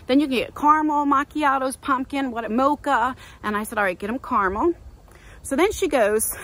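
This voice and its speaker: A middle-aged woman with a New Jersey accent, telling a story in a chatty, animated way while walking outdoors with her phone. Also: fairly high pitch, brisk, low-quality recording. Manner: chatty, animated storytelling, acts out quoted voices. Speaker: vlogger. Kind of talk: walk-and-talk storytime.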